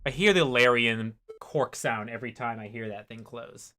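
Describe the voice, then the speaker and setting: A woman's voice: extremely low pitch, normal speed, a bit bright. Chatty woman streaming a game. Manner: chatty, muttering asides. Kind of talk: casual game commentary, reading text aloud.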